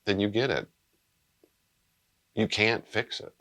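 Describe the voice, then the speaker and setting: A man's voice: on the low side, slow pace, bright, forceful tone. A man speaking as a pastor, giving a conversational, blunt talk on pastoral care and acting out short bits of dialogue.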